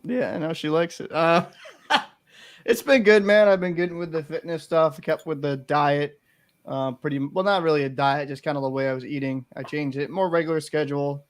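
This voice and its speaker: A young man co-hosting a casual podcast, telling stories in a profane, animated way. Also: a little high, moderate pace. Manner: profane, animated storytelling, swears a lot. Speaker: podcast co-host.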